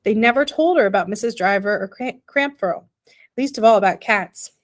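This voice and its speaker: A woman reading the part of a small, homely father who explains things slowly in plain, ungrammatical speech. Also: medium pitch, close to an everyday voice. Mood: soothing. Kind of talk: audiobook character reading.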